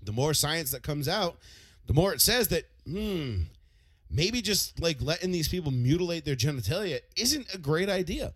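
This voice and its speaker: A man co-hosts a loose, profane podcast chat, acting out other people's angry words as he goes. His voice is bright and a little high. The sound is close and dry. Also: moderate pace, slightly rough, dry recording. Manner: animated, swears a lot, acts out angry quotes. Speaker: podcast co-host.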